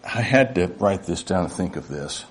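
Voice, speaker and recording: A man's voice: low voice, expressive, normal speed, background noise. An older man preaching a sermon to his church, folksy and reflective, sometimes acting out little dialogues. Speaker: pastor.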